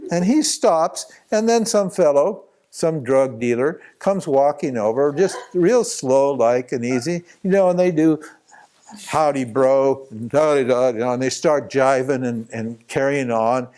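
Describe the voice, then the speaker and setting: A man's voice: medium pitch, measured pace, few pauses. A man teaching at a spiritual retreat, telling a long anecdote with lots of restarts and chuckles. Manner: rambling, animated anecdote with many restarts and laughs. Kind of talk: storytelling talk at a retreat.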